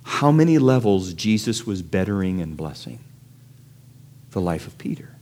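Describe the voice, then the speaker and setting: Guy preaching, lowish voice, chatty and animated, keeps asking the crowd stuff. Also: normal speed, slight background noise. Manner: animated storytelling, acts out quoted voices with big pitch jumps; conversational, asks the audience questions. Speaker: pastor. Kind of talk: sermon.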